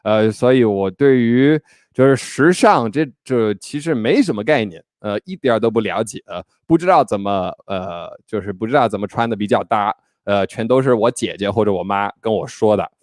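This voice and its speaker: A man's voice: fairly low pitch, animated, moderate pace, a little mellow, no room sound, studio quality. Joking man hosting a casual livestream. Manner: chatty, joking, greets viewers by name. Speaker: livestream host.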